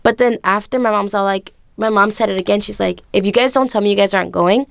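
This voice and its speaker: A woman guest on a podcast tells a childhood story fast, with a medium-pitched, creaky voice and fairly even intonation, and no echo. She's chatty, says "like" constantly and acts out her family's dialogue.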